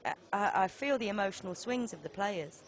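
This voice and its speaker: A woman commentating live poker, chatty and excitable, joking about herself. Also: medium pitch, fairly quick. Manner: chatty, excitable, self-mocking.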